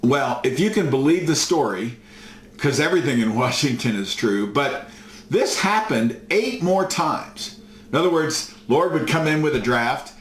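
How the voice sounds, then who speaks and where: A man's voice: medium pitch, lively intonation, a little slow, a bit bright. Guy professor doing a recorded class talk, lots of ums, echoey room. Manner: folksy storytelling with many fillers. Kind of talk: recorded course lecture. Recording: echoey room, faint noise.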